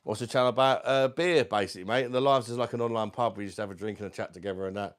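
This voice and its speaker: Racing along in a lowish, fairly even voice, a London-accented livestream host from South East London chats casually at home. He reads out viewers' comments, calling each of them mate.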